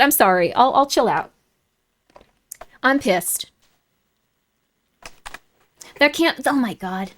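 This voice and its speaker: A woman streamer chatting casually and reading viewer comments, rambling and animated, quick to get worked up. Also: fairly high pitch.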